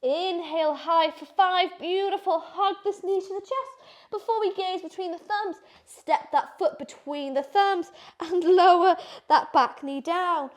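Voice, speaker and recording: A yoga instructor leads a power yoga class, calling out breaths and poses with encouraging cues while out of breath from doing the flow herself. Her voice is extremely high in pitch and unhurried.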